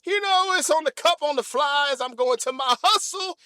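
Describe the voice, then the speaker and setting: Man, very high bright voice, animated improv comic, dry close sound. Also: moderate pace, no echo. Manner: animated, repetitive, laughs often. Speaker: podcast host. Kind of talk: improvised comedy monologue.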